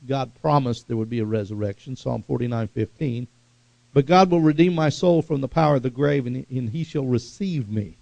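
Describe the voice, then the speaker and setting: A man preaching a sermon with fervent, animated delivery and sudden loud bursts. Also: medium pitch, vocal fry, no echo.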